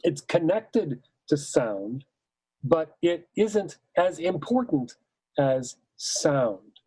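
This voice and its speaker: Slow, measured male choir teacher. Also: a little high, very animated, mellow, husky, dry recording, low-quality recording. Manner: measured, emphatic, sings short hymn phrases to demonstrate. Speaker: choral music teacher. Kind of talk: instructional talk.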